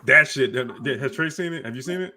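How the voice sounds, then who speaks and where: A man's voice: mid-range voice, fast, bright, forceful tone. A man co-hosting a podcast, talking bluntly and emphatically with plenty of profanity in casual chat. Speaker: podcast co-host.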